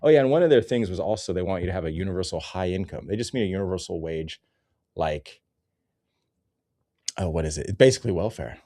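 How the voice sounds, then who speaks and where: A man's voice: low voice, expressive, fast talker, long pauses, warm tone, no room sound, clean studio sound. A man ranting in a sarcastic, rambling comedy commentary, cursing often.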